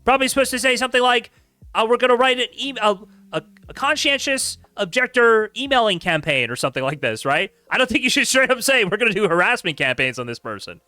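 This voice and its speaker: Animated, incredulous male streamer. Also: high voice, fairly quick, hardly any pauses, no room sound. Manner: sarcastic, incredulous, laughing. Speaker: streamer host. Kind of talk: casual commentary reading chat logs aloud.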